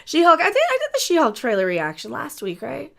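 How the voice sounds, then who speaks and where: A woman's voice: sits high, huge pitch swings, fairly quick, gravelly, a bit bright. A woman co-hosting a casual livestream, giggly and scattered, thinking aloud. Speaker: livestream co-host.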